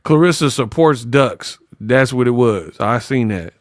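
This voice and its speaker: A man hosting casual boxing commentary, animated and mocking, slipping into high-pitched impressions. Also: measured pace, no room sound, studio quality.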